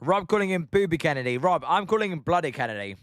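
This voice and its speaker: A man's voice: a little high, animated, fast talker, over loud music. Chatty British man calling baseball live. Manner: chatty, swears often, reads out chat. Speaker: live-stream baseball commentator. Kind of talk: casual live-stream commentary.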